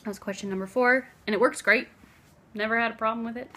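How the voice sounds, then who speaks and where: A woman's voice: fairly high pitch, fairly even intonation, fast talker. Brief: young woman, craft vlogger, casual heartfelt chat, phone camera in a living room. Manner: chatty and heartfelt, drifting soft and hushed at times. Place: living room, seated on floor. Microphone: phone camera on a stack of books.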